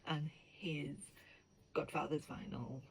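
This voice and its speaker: A woman's voice: low-pitched, takes it slowly, vocal fry, slight background noise, low-quality recording. A woman book editor in a casual vlog who talks animatedly, swears freely and often drops into whispers. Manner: animated, profane, slips into whispers.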